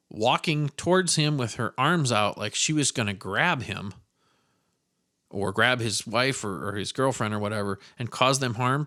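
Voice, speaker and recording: A man from the American Midwest hosts a solo podcast, telling loose, rambling stories sprinkled with casual swearing. His voice is medium in pitch and a little bright.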